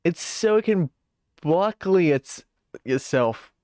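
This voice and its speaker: A game streamer chatting through a live session, reading item text aloud and cracking up at it. The talk is slow and unhurried while the pitch swings widely. The voice sits close and dry on the mic. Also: expressive, dry recording. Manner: reads in-game text aloud, laughs easily, thinks out loud. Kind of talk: casual live-stream commentary.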